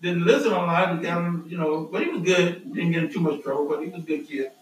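A man's voice: a little high, fairly quick, a little hiss or hum. A man, the host's father, teasing his son with a laugh in casual chat. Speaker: father of the host, guest. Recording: echoey room, far from the mic.

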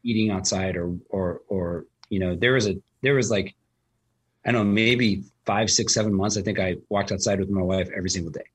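A man's voice: deep voice, fairly even intonation, fairly quick, breathy edge. A man talking casually as a host, telling a long story with lots of fillers and restarts. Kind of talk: casual conversation.

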